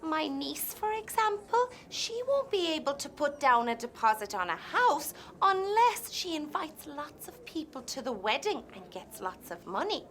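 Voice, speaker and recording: An actress playing an anxious, chatty housemaid in a TV sketch, talking in an earnest, confiding way. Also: female voice, high voice, very animated, unhurried, hardly any pauses, fairly bright tone, slight background noise, heavily acted. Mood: fretful. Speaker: sketch character. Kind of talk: comic TV sketch acting.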